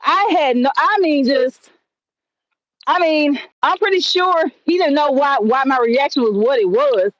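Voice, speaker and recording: A woman chats through a casual livestream in a high voice, drifting through her story at an easy, slow pace. She rambles, doubling back with fillers and restarts as she goes. The sound comes off her phone, muffled and lo-fi. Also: no room sound. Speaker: livestream host. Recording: dull lo-fi stream audio.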